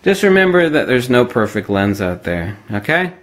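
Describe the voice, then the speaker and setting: A man's voice: medium pitch, big pitch swings, normal speed. A man ranting emphatically and sardonically in a casual camera-gear vlog. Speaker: photography vlogger. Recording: roomy echo, mic at a distance.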